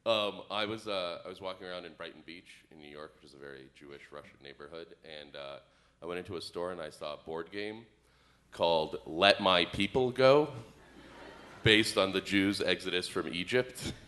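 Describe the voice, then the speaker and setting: A man's voice: low voice, normal speed, fairly bright tone. A man doing a stand-up comedy set as co-host, telling rambling observational stories on stage. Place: stage before a live audience.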